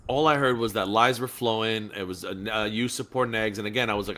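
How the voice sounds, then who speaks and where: A man's voice: fairly low pitch, fairly quick, few pauses, sharp tone. A man from Florida hosting a live call-in stream, gossiping and mocking with frequent laughs. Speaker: host.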